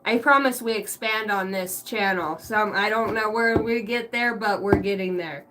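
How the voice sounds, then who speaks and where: A woman's voice: mid-range voice, normal speed, a bit bright. A woman doing a casual tarot reading, swearing freely and breaking into laughter often. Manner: giggly, crude, keeps breaking into laughter. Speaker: tarot reader.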